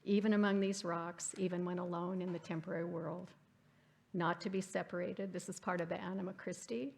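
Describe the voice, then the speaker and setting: A woman's voice: on the low side, fairly even intonation, a little fast, gravelly, darkish tone. A woman giving a reflective literary lecture at a church forum, reading passages aloud and asking the audience questions. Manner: reflective, reads quotes aloud. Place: church hall.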